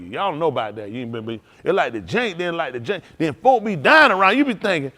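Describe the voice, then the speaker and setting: Speaking quickly with few pauses, a man with a slightly high, sharp voice and big pitch swings preaches an informal, emotional testimony to his congregation. He keeps it conversational, frequently breaking into laughter and exclamations, in a synagogue hall during a livestream.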